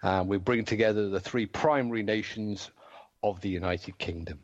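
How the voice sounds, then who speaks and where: A man's voice: fairly low pitch, normal speed. An English man hosting a podcast in casual chat, joking and rambling with lots of self-interruptions. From England. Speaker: podcast host. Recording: dull lo-fi audio.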